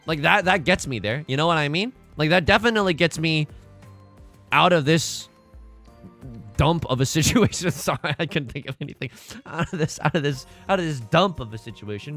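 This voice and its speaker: A man streaming live gameplay with commentary, joking around and bursting into sudden loud exclamations. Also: a little high, animated, moderate pace, soft background music.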